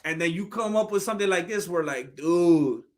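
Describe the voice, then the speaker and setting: A man's voice: sits high, fast talker. A man, chatting casually with his live-stream audience in a heartfelt, rambling way. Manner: heartfelt, rambling, talks straight to chat.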